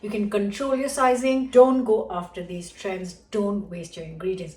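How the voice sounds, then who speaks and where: A woman's voice: on the low side, moderate pace, few pauses, dark tone. A middle-aged woman chatting frankly as she cooks on a home cooking vlog. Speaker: cooking vlogger. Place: home kitchen. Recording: roomy kitchen echo.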